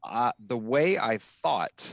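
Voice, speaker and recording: A man's voice: mid-range voice, big pitch swings, slow pace, creaky, dry recording. A man guesting on a podcast in casual chat, rambling with restarts and casual swearing. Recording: dull lo-fi audio.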